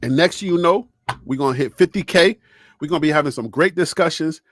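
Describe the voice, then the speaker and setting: A man with a fairly high voice hosts his own sports talk stream and speaks straight to viewers and chat. He talks in an animated way and laughs often. The mic is close and the sound is dry. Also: fairly quick, dry recording. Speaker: sports channel host. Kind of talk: casual live-stream commentary.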